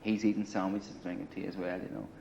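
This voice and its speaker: A man's voice: deep voice, little pitch movement, quick pace, vocal fry, noisy background. A man casually telling a long war story in a grungy apartment, rambling and profane, with lots of "you know" and "right.". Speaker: interviewee telling war stories. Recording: dull lo-fi 1980 film audio.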